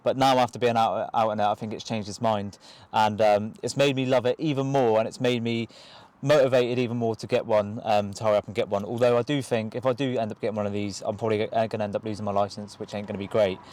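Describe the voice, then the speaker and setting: A young man with an excitable, rushing manner and casual slang, filming a car review vlog from inside a car. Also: lowish voice. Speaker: car vlogger. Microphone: camera held by someone else.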